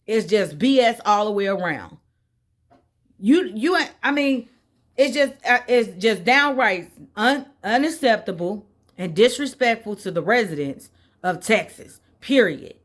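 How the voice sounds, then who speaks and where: A woman's voice: medium pitch, animated, a little slow. A woman from Indiana, USA, venting on her vlog in an exasperated rant, repeating her points over and over. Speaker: vlogger. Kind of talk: casual opinion vlog.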